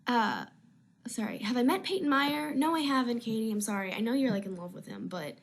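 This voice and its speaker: A woman's voice: a little high, lively intonation, a little fast. A young woman actress chatting casually on a live video stream from home, answering fan questions in a rambling, easily sidetracked way.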